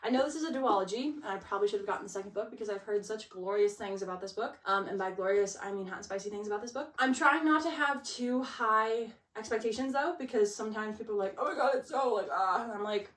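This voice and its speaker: A woman's voice: medium pitch, fast, hardly any pauses, fairly bright tone, distant mic. Chatty young woman in an echoey room. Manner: chatty, gushing, with many likes and laughs. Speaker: book vlogger. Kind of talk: casual book chat.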